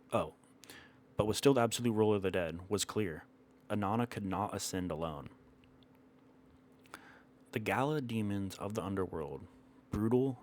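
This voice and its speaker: A man telling an old myth in a measured, dramatic way, stopping now and then to correct himself. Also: deep voice. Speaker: storyteller. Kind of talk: storytelling narration of a myth.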